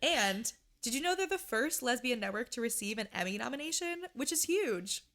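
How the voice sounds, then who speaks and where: A woman's voice: fairly high pitch, very animated, moderate pace, fairly bright tone. A woman reading an upbeat podcast sponsor message. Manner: upbeat, promotional. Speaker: podcast ad reader. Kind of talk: scripted ad read.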